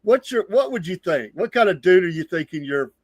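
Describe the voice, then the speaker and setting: A male morning show co-host with a slightly high voice, recorded dry and close. He jokes along casually and stumbles over repeated words as he gets going. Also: fairly quick, dry recording. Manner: relaxed, joshing, repeats words. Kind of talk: casual joking chat.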